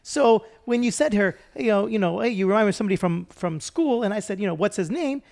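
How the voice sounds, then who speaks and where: A man co-hosting a casual podcast, with a high voice and a gravelly fry in it. He rambles through a story with halting restarts. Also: lively intonation, a little mellow. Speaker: podcast co-host.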